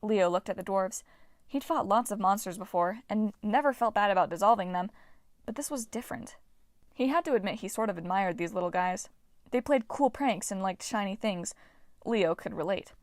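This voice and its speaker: A woman reading an audiobook at a mid pitch, expressive and steady. The recording is dry, with no room sound. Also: moderate pace, no echo. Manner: expressive, voices each character. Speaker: audiobook narrator. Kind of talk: audiobook narration.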